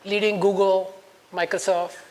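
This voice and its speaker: Indian english speaker in their 50s, personal conference talk, middle pitch, jumps up high for quoted lines then goes quiet and thoughtful. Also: flat delivery, unhurried. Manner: acts out quoted dialogue in a raised voice, reflective.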